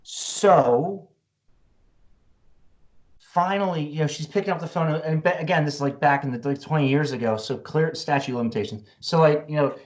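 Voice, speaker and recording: A man's voice: fairly high pitch, normal speed. A man in his forties, a guest musician, telling a story in a casual, profane way full of "like" and "you know.".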